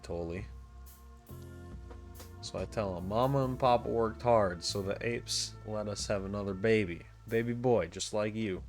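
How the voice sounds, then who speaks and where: A man voicing a cheerful, chatty family man in a game, telling long rambling jokes. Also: on the low side. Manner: rambling jokey storytelling.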